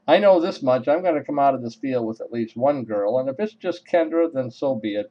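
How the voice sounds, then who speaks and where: A man spinning a funny personal tale with dry, deadpan timing and well-placed pauses. His voice sits at an ordinary mid pitch. The recording sounds dull and lo-fi. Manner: wry, deadpan comic timing. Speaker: storyteller. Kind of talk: humorous personal storytelling.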